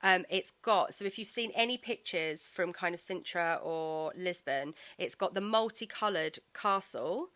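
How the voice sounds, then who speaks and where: A woman hosting a podcast, chatting enthusiastically and telling stories in a relaxed conversation. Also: on the low side, a little slow, few pauses. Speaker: podcast host. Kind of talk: casual chat.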